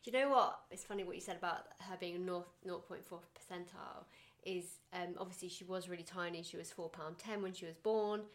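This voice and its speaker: Young woman, podcast host, chatty and animated, slightly low pitch. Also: a little fast. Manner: chatty, animated, acts out quotes. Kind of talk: casual chat.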